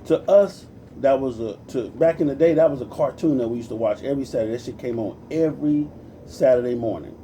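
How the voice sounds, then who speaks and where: Dark-voiced 40-something guy on a livestream rant, swearing a lot, a bit far from the mic with faint hiss. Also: mid-range voice, quick pace. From Compton, California. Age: 40s. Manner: profane, preachy, greets viewers by name. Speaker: livestream host.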